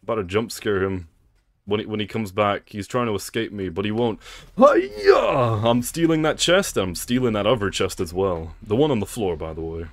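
A man's voice: fairly low pitch, brisk, no room sound. A young man, commentating a live game stream, teasing chat and laughing often. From England. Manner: playful trash talk, laughs a lot, reads chat aloud.

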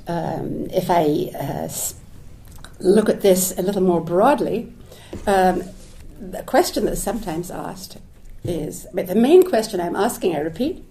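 A woman's voice: on the low side, mellow. A woman giving a reflective public lecture, thinking aloud with restarts and asides, dropping Hebrew phrases into her talk. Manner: thoughtful, searching, with restarts and asides. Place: lecture hall.

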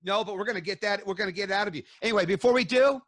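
A man's voice: high-pitched, racing, fairly bright tone, dry recording, clean studio sound. A man hosting a casual interview chat, jokey and laughing along with his guest. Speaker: host.

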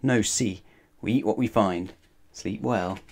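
Man doing Pa Otter, a gruff father otter. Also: on the low side, unhurried, darkish tone. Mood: grumpy. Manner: gruff, bossy. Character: stubborn grumpy father otter. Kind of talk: children's storybook reading.

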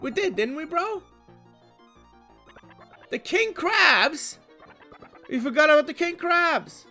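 Two panicky young bros plead and whine in high, strained voices, as a man reads them out. The game's music sits faintly underneath. It is a lively video-game character read. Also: takes it slowly, full character voice. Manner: whiny, pleading, saying bro.

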